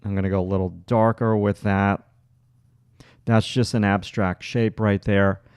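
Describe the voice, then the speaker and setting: A man's voice: lowish voice, flat delivery, measured pace, a little mellow, smooth, no room sound, studio quality. A man with a Long Island accent, teaching a livestream drawing demonstration and thinking aloud as he works, with lots of fillers and restarts. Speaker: art instructor.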